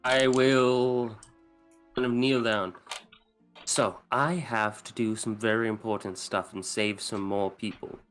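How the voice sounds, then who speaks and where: A player in a tabletop game, speaking in character in a relaxed, gentle, courtly way. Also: medium pitch, measured pace, faint music behind.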